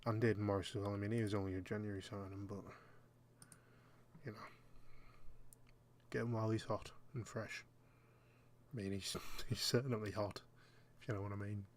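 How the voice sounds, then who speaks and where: A man's voice: lowish voice, flat delivery, moderate pace, pauses often, slight background noise. A young man giving casual, jokey commentary while playing a game, muttering asides to himself. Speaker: gaming YouTuber.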